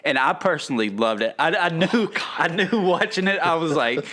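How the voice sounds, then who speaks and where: A man's voice: a little high, expressive, moderate pace, sharp tone. A man co-hosting a podcast who chats about a film enthusiastically and laughs easily. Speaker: podcast co-host. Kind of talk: casual film review chat.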